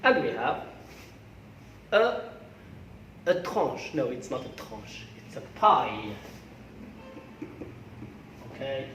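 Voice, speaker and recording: Slow Algerian man teaching English pronunciation. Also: medium pitch, big pitch swings, fairly bright tone, a little hiss or hum. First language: Arabic. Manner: slow, repetitive, drills words aloud. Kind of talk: classroom pronunciation lesson. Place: classroom. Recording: echoey classroom from far off.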